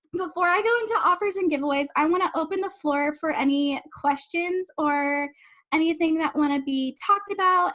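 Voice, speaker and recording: A young adult woman with a bright, high voice hosts a live online coaching session. She talks in a quick, rambling, bubbly rush, gushing at her listeners. Her voice comes through a computer microphone on a video call. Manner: fast, rambling, bubbly and effusive. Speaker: life coach hosting a live online summit. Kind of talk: casual live-stream talk to attendees.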